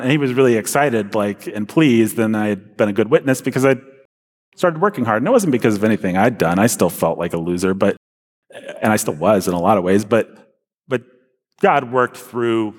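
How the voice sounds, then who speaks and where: A young man tells a personal story in an earnest, casual way, often circling back with fillers and restarts. His medium-pitched voice trails a long reverb, as if he is speaking in a large hall. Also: normal speed. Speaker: speaker sharing a personal testimony. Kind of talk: casual spoken testimony.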